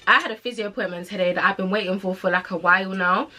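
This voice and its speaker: A woman's voice: mid-range voice, steady tone, racing, pushed and bright. A young woman in her twenties with a British accent and London slang, hosting a podcast and telling a story in casual, chatty talk to her listeners. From United Kingdom. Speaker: podcast host.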